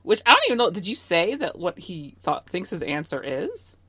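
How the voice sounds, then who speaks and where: A woman's voice: lowish voice, big pitch swings, moderate pace, bright, forceful tone, slightly rough, no echo. A woman co-hosting a casual TV recap chat, adding playful, jokey asides. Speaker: podcast co-host.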